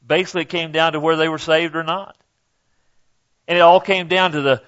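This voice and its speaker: A man's voice: on the high side, level tone, fairly quick, a bit bright, dull audio. An older man preaching a sermon in a folksy, conversational way, speaking directly to the congregation. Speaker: pastor.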